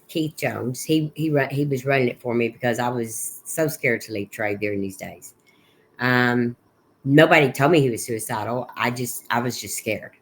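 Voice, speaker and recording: A middle-aged woman, a guest on an interview podcast, recounting her son's final months in a halting way, with many restarts and recalled conversations. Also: a bass voice, fairly bright tone, a little hiss or hum. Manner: halting, with frequent restarts and quoted dialogue. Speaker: guest, bereaved mother. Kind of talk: personal account in an interview.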